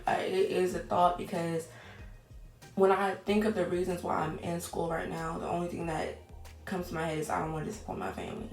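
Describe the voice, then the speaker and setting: A woman, candidly chatting to camera in a casual vlog, swearing now and then. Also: fairly low pitch. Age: 20s. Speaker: vlogger. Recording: echoey room with faint music.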